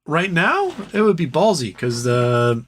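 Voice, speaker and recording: A man's voice: a little high, wildly swooping pitch, unhurried, fairly bright tone. A man hosting a casual livestream, reading viewer comments aloud and riffing on them in a loose, joking, profane way. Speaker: livestream host.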